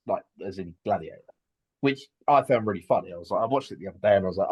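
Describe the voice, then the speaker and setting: A young man co-hosting a podcast in casual chat, halting and repeating words, often laughing. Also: lowish voice, a little mellow, slightly rough. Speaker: podcast co-host.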